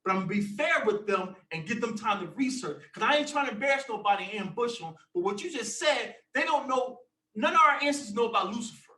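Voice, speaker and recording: A man leading a religious discussion, preaching forcefully and breaking into shouts. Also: extremely high pitch, animated, fast, roomy sound, distant mic. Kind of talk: fiery preaching.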